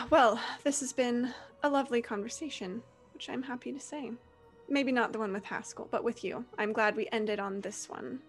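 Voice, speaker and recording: A woman running a tabletop game as game master, playful and quick to laugh. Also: on the high side, soft background music. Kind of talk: narrating and voicing a tabletop game.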